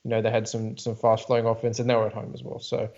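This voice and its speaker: A man co-hosts a sports podcast in a mid-pitched voice, working through his points steadily with plenty of fillers. His sound comes across slightly dull and lo-fi. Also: completely flat delivery, quick pace, gravelly, darkish tone. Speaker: podcast co-host. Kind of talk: casual sports podcast chat.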